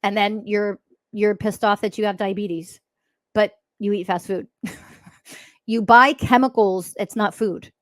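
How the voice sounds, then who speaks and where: A woman's voice: mid-range voice, steady tone, unhurried, no room sound. A woman hosting a spiritual podcast, talking in a blunt, profane, mocking monologue. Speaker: podcast host.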